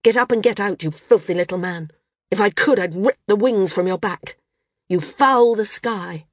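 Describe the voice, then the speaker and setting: A woman's voice: mid-range voice, normal speed, dry recording, clean studio sound, close to an everyday voice. A woman voicing an angry, confrontational woman flyer with a hard, accusing delivery, in an audiobook. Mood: furious.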